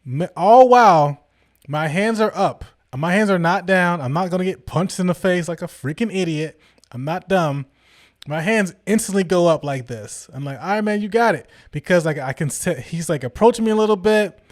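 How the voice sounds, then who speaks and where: A man vlogging, telling a story casually in animated, slangy talk and acting out the people he quotes. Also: high-pitched, moderate pace, dry recording, studio quality.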